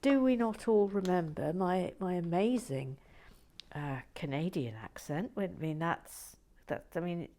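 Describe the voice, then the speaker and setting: Soft low-voiced woman, playful asides. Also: lively intonation, measured pace. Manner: soft-spoken, playful, frequent whispered asides and stammered restarts. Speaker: channel host building and reviewing brick sets. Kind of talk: relaxed casual chat to viewers.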